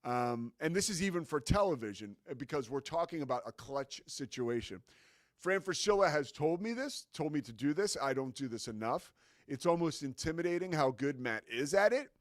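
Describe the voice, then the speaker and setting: Male sports show host, casual and excitable, fillers galore, dry booth sound. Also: fairly high pitch, moderate pace, no echo. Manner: enthusiastic, conversational, many fillers.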